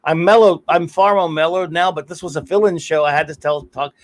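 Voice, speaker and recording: A middle-aged man hosts a casual live stream, winding through long anecdotes. His voice sits high for a man. He curses freely and breaks into laughs between stories. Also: steady tone, fairly quick. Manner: rambling storyteller, curses freely, laughs often. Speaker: podcast host.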